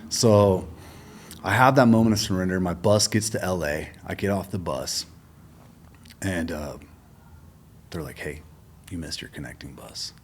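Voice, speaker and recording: A man's voice: low voice, unhurried, pauses often, a little hiss or hum. A middle-aged man telling his story as a guest in a casual interview, acting out the dialogue and swearing freely. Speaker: podcast guest.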